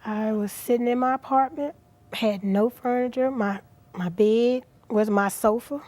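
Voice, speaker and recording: A middle-aged woman guest on a talk show, speaking earnestly and with feeling, at times dropping to a soft near-whisper. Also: fairly high pitch, unhurried. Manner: earnest, animated, drops to soft near-whispers at emotional moments. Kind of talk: inspirational talk show interview.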